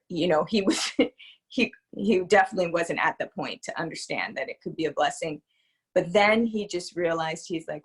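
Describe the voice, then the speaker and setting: A woman speaking as an interview guest and spiritual psychologist, talking candidly in a reflective, hesitant way with many pauses. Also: on the low side, husky.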